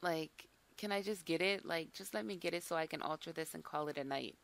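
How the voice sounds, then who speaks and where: A young woman hosting a gaming video in casual chat, excitable, swearing and saying "like" a lot. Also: low-pitched, fairly quick, gravelly. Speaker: gaming channel host.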